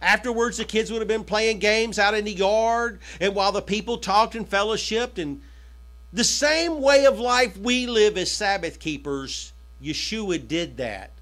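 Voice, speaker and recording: A male pastor preaching a sermon in a conversational style, swinging from emphatic high peaks down to quiet asides. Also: lively intonation, unhurried. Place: church hall.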